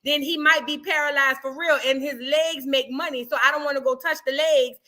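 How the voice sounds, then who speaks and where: A woman's voice: high-pitched, fairly even intonation, fairly quick, bright, forceful tone. A woman voicing a brash, profane wife who calls an emergency line and rambles out blunt excuses. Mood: evasive.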